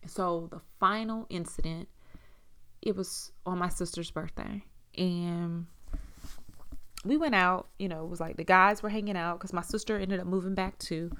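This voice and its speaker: A woman's voice: fairly low pitch, fairly even intonation, moderate pace, a bit bright, smooth. A young woman candidly telling a personal story in a casual way, swearing freely and using lots of fillers. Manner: frank, casual, swears freely, many "like" and "you know" fillers. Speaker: storyteller recounting personal experience.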